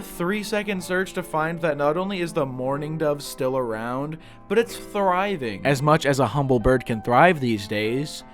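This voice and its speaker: Sarcastic young man ranting, slightly high. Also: unhurried, hardly any pauses, faint music behind. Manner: mocking, deadpan asides. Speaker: video creator. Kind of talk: sarcastic commentary vlog.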